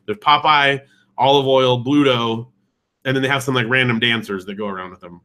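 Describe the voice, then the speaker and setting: Male cohost in his thirties, bright tone, lively casual storyteller. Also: medium pitch, a little fast. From California. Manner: animated storytelling, mimics voices he heard. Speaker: podcast co-host. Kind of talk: casual chat.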